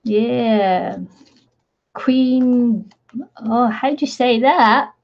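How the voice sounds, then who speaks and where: A woman's voice: a little high, drawn-out words, muffled recording. A British woman chatting casually while crafting, rambling and laughing often at her own stories. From Britain. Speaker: craft vlogger.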